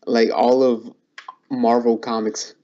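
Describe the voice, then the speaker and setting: A man's voice: medium pitch, level tone, slow pace, mellow, slight background noise. A young man as a guest in a casual chat, easygoing and agreeable, who hedges a lot with "like". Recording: muffled lo-fi recording.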